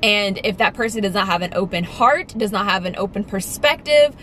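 A woman's voice: mid-range voice, animated, a little fast, a bit bright, slight background noise. A young woman talking candidly and emphatically in a casual vlog, swearing casually as she goes. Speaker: vlogger.

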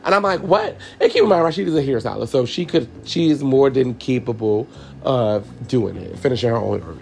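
A man's voice: medium pitch, animated, fairly quick, gravelly, darkish tone, a little hiss or hum. A young man, a podcast host and hairstylist, candidly telling a personal story in an emotional, frank way, swearing freely and calling his listeners y'all.

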